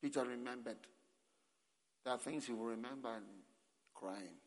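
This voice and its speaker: A man preaching a slow, emotional sermon at a camp meeting, breaking into cries and laughter. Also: mid-range voice. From Ghana. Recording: long hall reverb.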